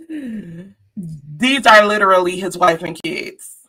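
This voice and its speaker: A woman's voice: medium pitch, pushed and bright, slightly rough. A woman giving a chatty, sassy live-stream recap of a reality show, talking straight to her viewers.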